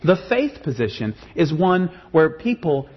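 A man's voice: fairly high pitch, sing-song, a little slow, slightly rough, muffled recording. A man preaching a sermon in an earnest way, often repeating words and rising into passionate pleading. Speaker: pastor.

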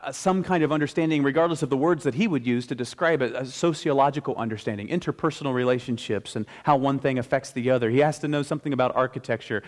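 A male pastor giving a conversational sermon, stressing key phrases slowly and emphatically. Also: mid-range voice.

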